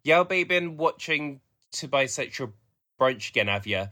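A local fellow with a heavy Black Country accent, as a man puts him on drawls out a teasing question. The voice is bright, and the accent is broad. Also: medium pitch, expressive, measured pace.

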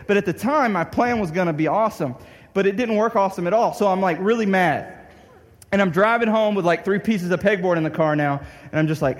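A young male pastor delivers a storytelling sermon built on a funny personal anecdote, speaking a little fast in a high, ringing voice with long hall reverb. He acts out his own frustration and sometimes bursts into a shout.

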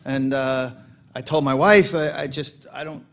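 A man's voice: mid-range voice, fairly even intonation, a little slow, gravelly. A man imitating a flustered mayor with a Boston accent, stammering and at a loss for words. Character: flustered male big-city mayor, speechless.

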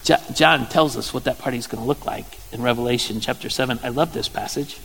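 A man, a pastor giving a sermon in a playful, joking storytelling way with sudden loud exclamations. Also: medium pitch, quick pace, gravelly, slight background noise. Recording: church hall reverb.

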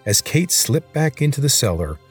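A man with a husky voice narrating a novel in steady, measured storytelling. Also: medium pitch, soft background music. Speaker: audiobook narrator.

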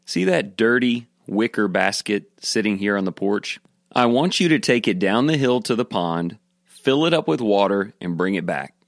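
Man as a calm, wise old grandpa, low voice, dry sound. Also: normal speed, no echo. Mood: instructing.

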